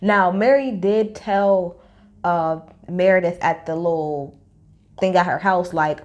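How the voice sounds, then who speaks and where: A woman recapping a reality TV episode in a blunt, profane, animated storytelling style. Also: on the low side, slow pace, highs cut off. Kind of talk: casual opinionated recap.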